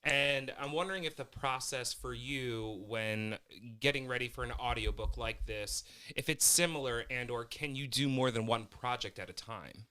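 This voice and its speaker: A man's voice: mid-range voice, normal speed, hardly any pauses, pushed and bright, clear, resonant tone. A man hosting a podcast, asking guests curious, direct questions. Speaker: podcast host. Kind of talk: casual interview chat.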